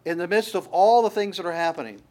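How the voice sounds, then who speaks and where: A man's voice: high voice, quick pace, darkish tone. Earnest conversational male preacher, raised voice. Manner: conversational preaching, emphatic, frequent restarts. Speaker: pastor. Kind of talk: sermon.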